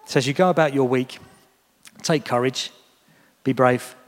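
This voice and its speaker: A man's voice: medium pitch, moderate pace. A man preaching a sermon in a church, talking earnestly and encouragingly to the congregation. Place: church hall. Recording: long reverb of a church hall.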